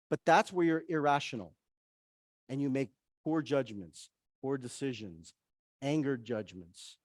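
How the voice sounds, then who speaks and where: A man giving a lively seminar talk to a room of listeners, putting questions to the audience and acting out inner voices. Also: medium pitch, dry recording, studio quality. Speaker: wellness speaker. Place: event room with a live audience.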